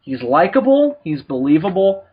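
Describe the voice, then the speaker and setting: A man co-hosting a podcast in casual chat, jokey and quick to laugh. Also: high voice, very animated, breathy edge. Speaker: podcast co-host. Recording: dull lo-fi recording.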